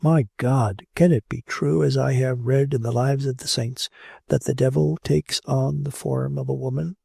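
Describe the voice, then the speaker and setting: A man's voice: medium pitch, steady tone, normal speed, creaky, dark tone, slightly rough, dry recording, clean studio sound. A man voicing a middle-aged ascetic monk who speaks earnestly and reproaches himself, reading an audiobook. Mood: alarmed. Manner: earnest, self-reproaching inner speech.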